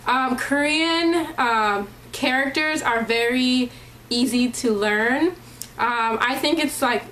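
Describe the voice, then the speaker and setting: Young woman, casual vlogger, chatty with frequent fillers, slightly high voice, recorded in an echoey room with faint hum. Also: fairly bright tone. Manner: chatty, many ums and likes, laughs often. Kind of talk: casual vlog talk.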